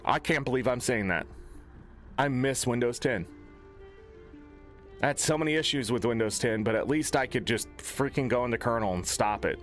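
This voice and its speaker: Young male streamer, a slightly high voice, in a loud, cursing, exasperated tech rant over faint music. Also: lively intonation, normal speed. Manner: profane, exasperated ranting with swings in pitch. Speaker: gaming streamer. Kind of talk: angry off-the-cuff stream rant.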